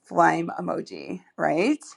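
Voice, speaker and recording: A woman's voice: fairly low pitch, takes it slowly, gravelly, breathy edge. A woman hosting a solo podcast as a dating coach, chatty and upbeat, with many asides and fillers.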